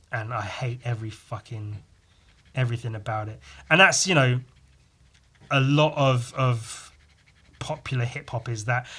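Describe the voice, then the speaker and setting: A man's voice: mid-range voice, a bit bright. A man hosting a podcast, talking in a blunt, sweary, rambling way with many restarts. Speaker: podcast host. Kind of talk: casual opinionated monologue.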